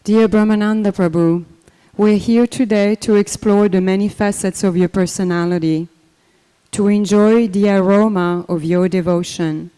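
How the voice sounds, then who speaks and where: Older lady telling memories at a memorial, mellow voice, lots of ums, echoey temple hall. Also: fairly low pitch, clear, resonant tone. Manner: unhurried, conversational, many fillers and restarts. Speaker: memorial speaker. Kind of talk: personal memorial talk.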